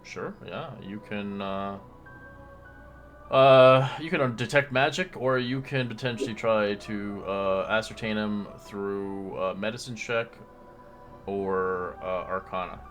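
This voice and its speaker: A man's voice: lowish voice, slow pace, a bit bright, faint music behind. A man running a tabletop game as dungeon master, laid-back and amused, with hesitant fillers.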